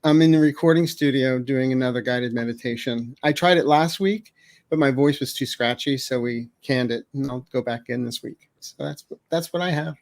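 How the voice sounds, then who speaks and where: A man's voice: medium pitch, normal speed, dry recording. A man, a psychic co-hosting a show, chatting casually and telling jokes. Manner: chatty, joking storyteller. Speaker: psychic, co-host. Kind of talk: casual chat.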